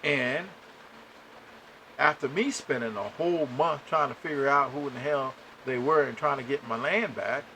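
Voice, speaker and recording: A man hosting a podcast, telling a story to listeners in an animated way and acting out the dialogue. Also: mid-range voice, moderate pace, slight background noise, rough recording. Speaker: podcast host.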